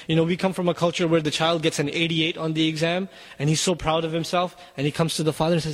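A man's voice: a little high, fairly even intonation, fairly quick, big-room sound. A man giving an urgent sermon to parents, exhorting them directly. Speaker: Muslim speaker.

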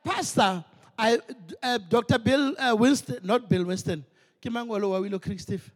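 A man's voice: extremely high pitch, normal speed, long reverb tail. A male pastor preaching an emphatic sermon, switching between Sesotho and English, in a church.

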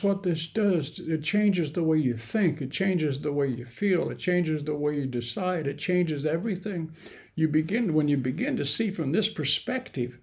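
A man preaching a sermon in an earnest way, with sudden emphatic rises and halting restarts. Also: fairly high pitch, darkish tone. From grew up in the mountains.

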